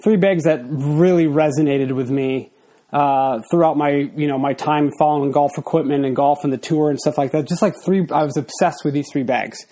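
A man's voice: on the high side, steady tone, moderate pace, dark tone. Breathless, rambling man in his forties. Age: 40s. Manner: rambling, loose, with many fillers and restarts. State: slightly out of breath. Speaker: podcast host. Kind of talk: casual solo podcast talk.

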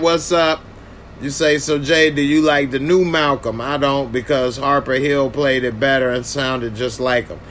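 Slow-talking man reviewing a TV episode. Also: medium pitch, fairly bright tone, a little hiss or hum. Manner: loose, conversational, answers viewer comments. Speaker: TV show reviewer. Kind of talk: casual reaction video commentary.

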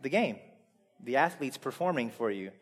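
A man preaching a sermon in a casual, conversational way, putting rhetorical questions to the congregation and swinging between loud emphasis and quiet asides. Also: medium pitch, lively intonation, moderate pace.

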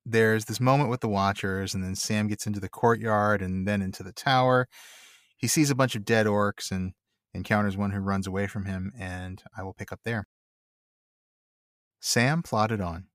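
A man with a fairly low voice co-hosts a book podcast, moving between casual chat and steady, measured reading. The recording is dry and close, with no room sound around him. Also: no echo. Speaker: podcast co-host and reader.

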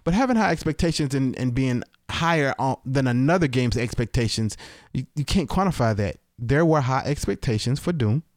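A man on a casual podcast who speaks haltingly, stumbling and restarting as he makes his case. His voice is middling in pitch and sits dry and close to the mic. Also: expressive, no echo. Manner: halting, hesitant, many restarts and fillers. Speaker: podcast co-host. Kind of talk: casual podcast chat reviewing a game.

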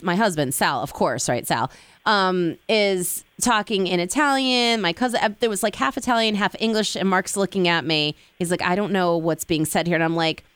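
Sicilian-american woman hosting a chat, smooth clear voice, close dry sound, laughs at herself. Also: on the low side, a bit bright, no echo. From Sicilian-American family. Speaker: podcast host. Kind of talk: casual interview chat.

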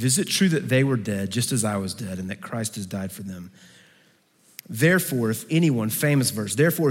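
A man preaching a sermon to a campus gathering, swinging between fervent raised passages and hushed, pleading ones. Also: mid-range voice. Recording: long hall reverb.

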